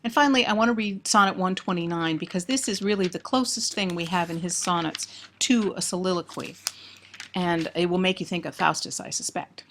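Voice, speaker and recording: A woman's voice: on the low side, a little hiss or hum. A woman giving a close-reading lecture on poetry, thoughtful and emphatic on key words. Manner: thoughtful, emphatic on key words, reads verse aloud slowly.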